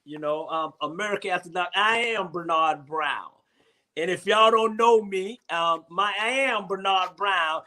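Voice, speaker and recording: A man's voice: sits high, unhurried, sharp tone. A man hosting a casual comedy chat, rambling and repeating himself with frequent laughs. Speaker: host.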